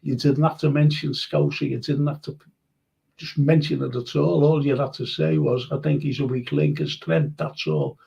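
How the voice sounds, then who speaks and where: Chatty older Liverpool man, gravelly. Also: fairly high pitch, steady tone, moderate pace, warm tone, dull audio. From Liverpool, England. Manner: chatty and rambling, reads out comments, laughs easily. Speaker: host of online history and chat show. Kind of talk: casual live-stream chat reading viewer comments.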